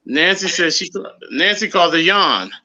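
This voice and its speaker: A man chatting casually on a livestream, easygoing and halting as he searches for words. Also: fairly high pitch, expressive, pushed and bright. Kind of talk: casual chat.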